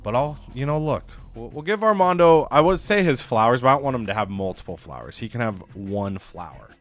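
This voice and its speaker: Man co-hosting a game video, casual and animated recap, middle pitch, faint music under him. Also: a little fast. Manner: animated retelling, full of "you know" and "like". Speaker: let's-play co-host.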